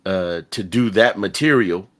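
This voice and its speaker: A man co-hosting a podcast in casual chat, telling stories in a profane, animated way with many asides. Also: deep voice, unhurried. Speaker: podcast co-host.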